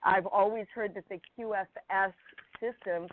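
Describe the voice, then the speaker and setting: A woman caller speaks on a tinny phone line, her voice narrow and thin. She talks in an emotional, halting way, pausing often to find her words. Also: medium pitch, fairly even intonation, slight background noise. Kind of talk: call-in phone chat. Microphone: telephone.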